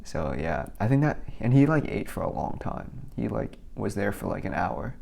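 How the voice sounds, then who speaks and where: For his vlog, a young man rambles casually through work stories, packing his speech with "like" and restarts. His voice is on the low side, creaky and darkish in tone, with a sing-song lilt at a moderate pace.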